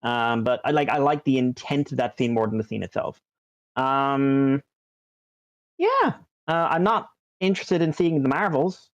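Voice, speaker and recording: A man's voice: mid-range voice, expressive, a little slow, no room sound. Rambling man on a dull, dry podcast mic. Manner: rambling, lots of ums and likes. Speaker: podcast co-host. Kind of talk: casual chat.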